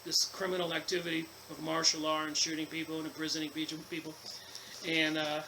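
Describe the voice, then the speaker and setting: A man with a high, bright voice reads passages from a book aloud, then drifts into loose, repetitive commentary full of fillers and false starts. A faint hiss of background noise sits under the recording. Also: completely flat delivery, fairly quick, rough recording. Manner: rambling, repeats himself, many fillers and restarts. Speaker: channel host reading and commenting on a book. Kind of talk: casual book commentary mixing reading aloud and rambling asides.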